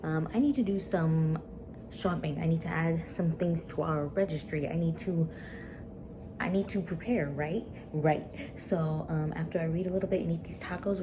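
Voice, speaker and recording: A young, pregnant woman with a deep voice vlogs casually from home, chatting about books and her day. She's upbeat and talkative, peppering her speech with "like" and "um," and there's some background noise.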